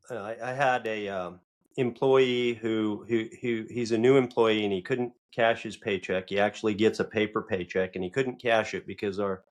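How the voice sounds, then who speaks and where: Low-voiced man telling a story haltingly. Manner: halting, repeats words, self-critical storytelling. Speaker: podcast host. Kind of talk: casual conversation.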